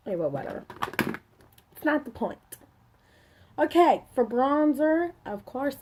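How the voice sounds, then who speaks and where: A woman's voice: a little high, warm tone. A woman talking through her makeup in a chatty, rambling way, full of asides and slang. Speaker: beauty vlogger. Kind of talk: casual makeup chat to camera. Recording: faint background noise.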